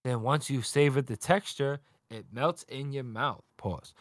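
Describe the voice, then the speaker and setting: A man's voice: mid-range voice, no room sound, clean studio sound. A man co-hosting a podcast, casually recapping a manga chapter and acting out the characters' lines with lots of swearing. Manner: animated, swearing, acting out characters in quick voices. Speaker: podcast co-host.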